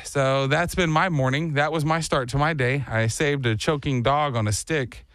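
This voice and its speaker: Animated man telling a story. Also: on the high side, normal speed, no room sound. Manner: animated storyteller, acts out voices and sounds. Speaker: morning show co-host. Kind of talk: casual chat.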